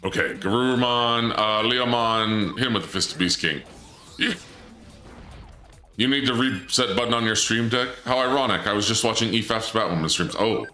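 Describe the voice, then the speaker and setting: Man, game streamer, goofy banter, bright voice, echoey room. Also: on the low side, normal speed, soft background music. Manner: goofy, joking with chat, voice jumps up when excited. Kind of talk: casual let's-play commentary.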